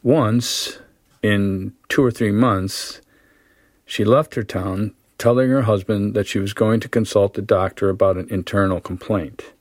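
Literature teacher reading a story aloud and explaining it, low voice, dry close sound. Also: male voice, no room sound. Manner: measured, steady reading; plain explaining with fillers.

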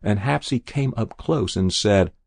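Male audiobook narrator, husky low voice, very dry close sound. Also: measured pace, darkish tone, no room sound. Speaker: reader.

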